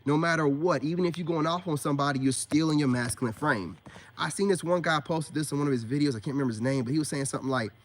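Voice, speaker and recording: A man's voice: fairly high pitch, fast. Emphatic man preaching in street slang. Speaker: self-styled spiritual coach. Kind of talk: casual preachy monologue to camera.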